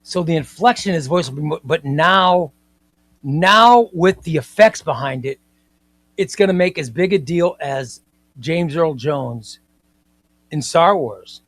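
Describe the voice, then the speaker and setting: A man's voice: on the high side, measured pace, a bit bright, dry recording. A man hosting a casual comics livestream, talking emphatically, repeating his points and reading viewer comments aloud.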